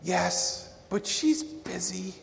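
A man voicing a timid four-year-old boy with a small, soft, hushed voice. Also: sits high, expressive, drawn-out words, vocal fry, in a large hall, pitched above the performer's own voice, full character voice.

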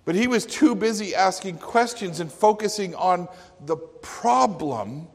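Slow, earnest male preacher. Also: high-pitched, expressive. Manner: earnest, emphatic, with acted quotes. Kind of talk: sermon. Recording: long hall reverb.

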